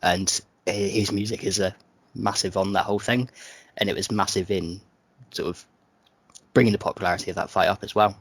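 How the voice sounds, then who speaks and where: A man's voice: lowish voice, little pitch movement, a little fast, husky, dry recording. A man co-hosting a casual podcast, joking about himself and laughing often. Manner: jokey, self-mocking, laughs often. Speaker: podcast co-host. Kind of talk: casual chat.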